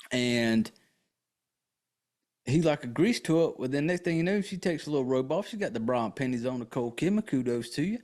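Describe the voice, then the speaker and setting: A man's voice: mid-range voice, animated, a little fast, a little mellow. Crude, rambling male podcast host. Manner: rambling, crude and joking, with many fillers. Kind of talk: casual, profane film recap.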